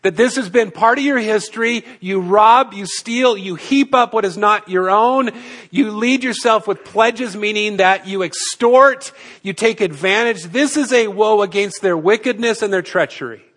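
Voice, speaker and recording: A male pastor preaching an expository sermon, teaching in a measured way and posing rhetorical questions to the congregation. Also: high voice, fairly bright tone.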